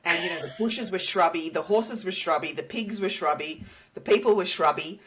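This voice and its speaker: A woman from Australia, guesting on a podcast, with a somewhat low speaking voice. She tells stories with energy, jumping up in pitch when she acts out what others said. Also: normal speed, slightly rough. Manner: animated storyteller, acts out quotes with high bursts. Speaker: guest, company CEO. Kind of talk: casual podcast chat.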